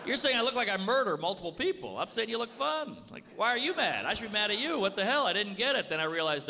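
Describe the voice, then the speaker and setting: Crude, lively man doing stand-up. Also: sits high, quick pace, vocal fry, few pauses, crowd noise. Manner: crude, conversational, lots of "you know". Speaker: stand-up comedian. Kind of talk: stand-up comedy set. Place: comedy club stage. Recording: live stage mic, reverberant hall, loud audience. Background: audience laughter and room noise.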